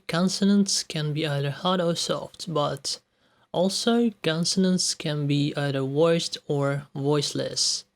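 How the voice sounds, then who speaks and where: Man, language teacher, slow and deliberate, example words spaced out one by one. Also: fairly high pitch. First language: Russian. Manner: measured, says each example word on its own. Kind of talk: scripted explanatory lesson with example words.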